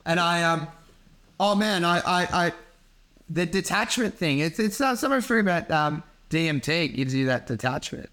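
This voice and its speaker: A man's voice: fairly high pitch, expressive, moderate pace, sharp tone. A man, a comedian rambling through a casual podcast chat, laughing often and swearing freely.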